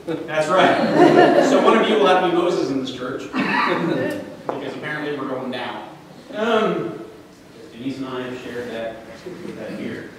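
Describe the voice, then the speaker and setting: A male pastor with a high-pitched voice gives a sermon, joking and chatting between scripture readings. He is recorded from far off in a church hall with a long, echoey reverb. Faint room ambience sits underneath. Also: very animated, a little slow, long pauses, background noise. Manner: conversational, joking preaching with scripture read aloud.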